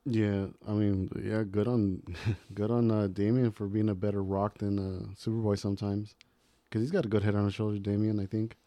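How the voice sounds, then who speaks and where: A man's voice: on the low side, level tone, normal speed, dark tone, dry recording. A man co-hosting a podcast, chatting casually about movie quotes in a laid-back, rambling way and laughing often. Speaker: podcast co-host.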